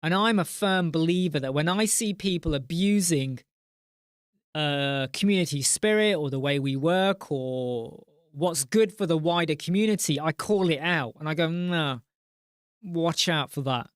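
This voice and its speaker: A man's voice: fairly high pitch, measured pace, no room sound, studio quality. A man hosting a live chat stream, speaking passionately, ranting and swearing. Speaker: host.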